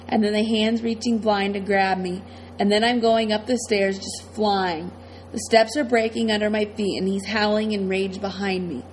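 Casting: woman audiobook narrator, mid pitch, dramatic first-person delivery. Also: a little hiss or hum, rough recording. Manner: tense, dramatic storytelling.

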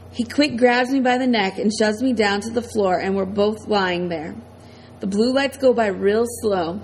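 A woman reading a first-person audiobook in a steady, plain storytelling manner. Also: medium pitch, a little hiss or hum, rough recording. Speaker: audiobook narrator.

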